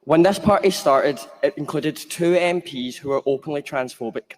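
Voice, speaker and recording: A man from Glasgow with a Scottish accent giving a measured, earnest political conference speech. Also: fairly high pitch, a little mellow. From Glasgow, Scotland. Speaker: conference delegate. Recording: reverberant conference hall.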